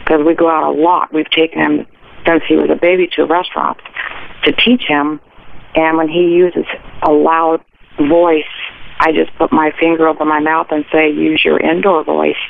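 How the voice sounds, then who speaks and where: A woman's voice: low-pitched, level tone, moderate pace, vocal fry. An older woman calling in to a radio show, chattily telling a long rambling story about her family. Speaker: caller. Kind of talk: phone-in call. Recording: tinny phone line with faint hiss.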